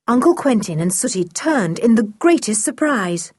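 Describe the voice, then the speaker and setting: Brief: woman storybook narrator, lively melodic reading, close and dry. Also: a little high, moderate pace, breathy edge, no room sound. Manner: expressive reading. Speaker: audiobook narrator.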